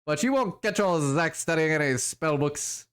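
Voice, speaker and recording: A man's voice: medium pitch, lively intonation, moderate pace, clean tone, lightly acted. A man voicing a scrawny, cheerful street elf drug dealer with sly, boastful sales patter, reading a video game aloud.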